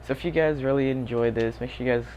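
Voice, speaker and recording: A man's voice: mid-range voice, fast talker, darkish tone. A young man casually telling a rambling storytime over gameplay, full of fillers and self-deprecating asides. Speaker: gaming YouTuber. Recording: dull lo-fi mic with faint noise.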